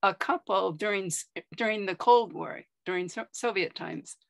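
A woman's voice: mid-range voice, moderate pace, creaky, no echo. A woman speaking as a guest on a video call, chatty and enthusiastic, rambling a little as she talks. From United States. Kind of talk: casual chat on a video call.

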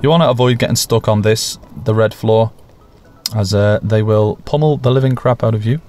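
A man with a lowish voice hosts a gaming channel, speaking at a moderate pace. His casual, jokey commentary over gameplay is self-mocking and punctuated by sudden excited bursts.

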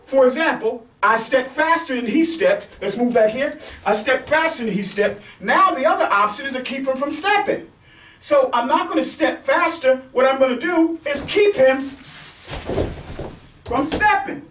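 Male self-defense instructor, very high voice, repetitive check-ins while demonstrating; echoey space, distant mic. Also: animated, moderate pace, a bit bright. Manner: repetitive, checks in with "okay?" and "right?"; demonstrating moves on a partner. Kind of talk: teaching demonstration. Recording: echoey room, mic far off.

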